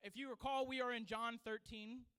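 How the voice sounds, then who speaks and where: A man who is a children's pastor, preaching a sermon and telling a story in an animated way with frequent laughter. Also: very high-pitched, normal speed, clear, resonant tone, rough recording. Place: church sanctuary.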